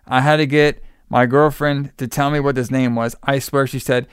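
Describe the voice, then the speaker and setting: A man recapping a movie in casual chat, animated, laughing and swearing often. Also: medium pitch, moderate pace, smooth, dry recording, clean studio sound.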